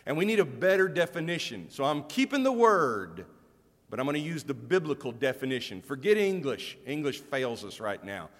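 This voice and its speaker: A middle-aged man delivers a sermon in a frank, conversational way, often restarting his sentences and joking about himself. His voice is neither high nor low. The sound lingers in a long hall reverb, as in a church. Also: very animated, moderate pace. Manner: candid, self-deprecating, conversational preaching with frequent restarts. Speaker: pastor.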